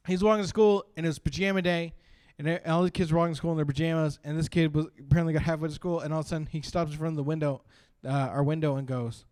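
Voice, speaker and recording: A man doing a stand-up set, rambling with lots of fillers and breaking into sudden loud bursts. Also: on the high side, fairly even intonation, quick pace. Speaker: stand-up comedian.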